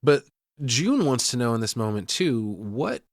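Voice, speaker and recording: A man's voice: mid-range voice, big pitch swings, unhurried, dry recording. Profane man recapping a film, dry sound. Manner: profane, laughs often. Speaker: podcast host. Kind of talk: casual film recap chat.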